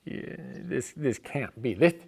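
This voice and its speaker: A middle-aged man telling a comic story, exasperated, swinging between quiet asides and loud outbursts. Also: mid-range voice, lively intonation, takes it slowly, creaky, slightly rough.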